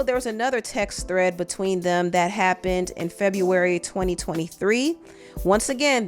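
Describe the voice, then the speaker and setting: A woman hosting a celebrity gossip show, talking through the story conversationally and reading out text messages. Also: mid-range voice. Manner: conversational, reads out texts aloud. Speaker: host.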